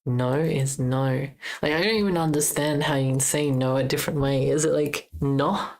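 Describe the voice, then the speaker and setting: This young Australian woman, with an Australian accent, has a deep, darkish voice at normal speed, and the audio quality is poor. She streams a game jam, chatting casually as she codes, thinking aloud and correcting herself.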